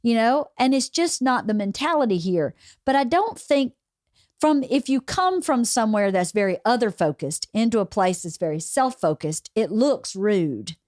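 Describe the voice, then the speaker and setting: A woman's voice: on the high side, very animated, normal speed, a little mellow, no room sound, clean studio sound. A woman with a Southern American accent hosting a casual podcast interview, chatty and acting out quoted voices. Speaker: podcast host.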